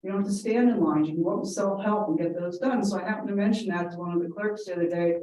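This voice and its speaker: A woman's voice: mid-range voice, fast talker, warm tone. A woman giving a public comment at a town meeting, earnest and rambling, with frequent ums and quoted anecdotes. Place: large council chamber. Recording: echoey meeting room from far off.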